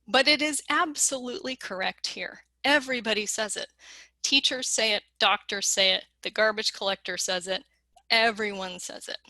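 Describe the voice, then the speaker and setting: A middle-aged woman delivers a conference keynote lecture in a bright, ringing voice pitched a little high. She moves quickly and playfully, acting out the lines she quotes. The sound is dry and close. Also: no room sound. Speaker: keynote speaker.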